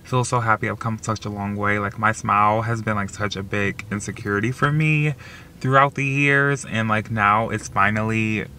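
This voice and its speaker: Young-sounding male vlogger, chatty and emotional, slightly low pitch with a bright tone, heavy on the fillers. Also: normal speed, slight background noise. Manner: filler-heavy, says "like" constantly; excitable and emotional. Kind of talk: casual vlog chat.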